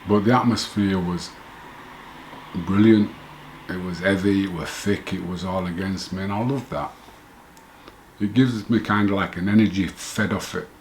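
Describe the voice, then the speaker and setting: A man's voice: low voice, moderate pace, pauses often, darkish tone, slight background noise. A middle-aged man telling his own story in a rambling, self-correcting way, chuckling now and then. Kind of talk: casual first-person storytelling.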